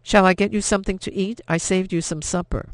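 A man's voice: high voice, steady tone, a little fast, dry recording, voice pushed up, natural voice. A man voicing a frightened young French woman who hides a secret, speaking in a pleading, breathless way. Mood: alarmed. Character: anxious French woman hiding airmen, frightened.

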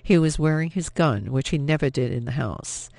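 A man narrates an audiobook in a steady, measured way. His somewhat high voice has a gravelly texture. The recording is dry and close to the mic. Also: no room sound. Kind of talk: scripted narration.

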